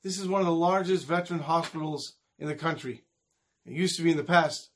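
A man with a fairly high voice delivers a storytelling sermon. He narrates with animated energy and builds toward a moral lesson. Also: a little fast. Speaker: speaker at a community event.

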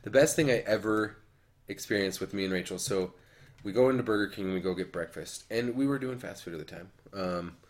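A man's voice: lowish voice, brisk. A young man telling stories in casual podcast chat, leaning on filler words and acting out quotes. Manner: animated storyteller, many "like" fillers, acts out quotes. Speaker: podcast co-host.

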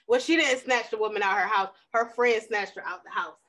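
A young woman co-hosting a casual chat, telling stories in a loud, passionate way. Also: mid-range voice, fairly quick. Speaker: podcast co-host.

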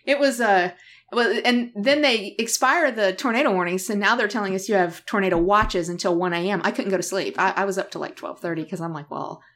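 A middle-aged woman co-hosting a podcast, telling a story in a casual, animated way with frequent laughter and acted-out quotes. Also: mid-range voice, a little fast. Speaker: podcast co-host.

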